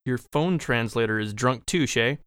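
A man's voice: mid-range voice, normal speed, a bit bright, smooth. A man co-hosting a podcast in casual chat, teasing the host.

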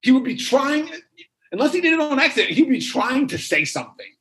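A man preaching a sermon, telling a story with lively repeated phrases. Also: very high-pitched, quick pace, low-quality recording.

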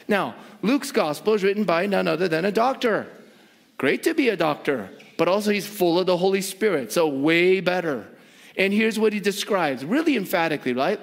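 A man's voice: high-pitched, gravelly. A male pastor preaching a sermon emphatically, repeating phrases for stress and asking his listeners rhetorical questions.

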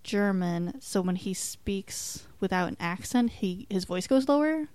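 A woman talks through a TV show in a loose, rambling podcast chat, pausing on ums and likes. Her voice sits at a middle pitch. The recording is close and dry, with no room sound. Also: clear, resonant tone, no echo. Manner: relaxed, chatty, trails off with ums and likes. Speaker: podcast co-host reviewing a TV show. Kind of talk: casual chat.

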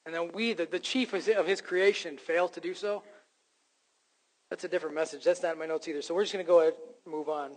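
A man's voice: fairly high pitch, fairly even intonation, quick pace. A man preaching a sermon as pastor, speaking emphatically and joking at his own expense. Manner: emphatic preaching with self-deprecating jokes. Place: church sanctuary. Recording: long hall reverb from a church sanctuary.

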